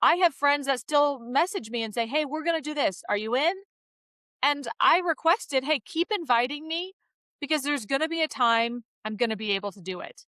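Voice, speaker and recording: A woman who is an author and a guest on a podcast, speaking in a thoughtful, gently reflective way. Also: sits high, animated, normal speed, dry recording. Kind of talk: reflective interview talk.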